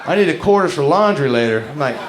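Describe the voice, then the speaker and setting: A man doing a profane, animated stand-up set, telling stories and acting out characters on a club stage with a handheld mic. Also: on the high side, fast. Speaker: stand-up comedian. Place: comedy club stage before a live crowd. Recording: echoey club room, loud crowd noise. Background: audience laughter.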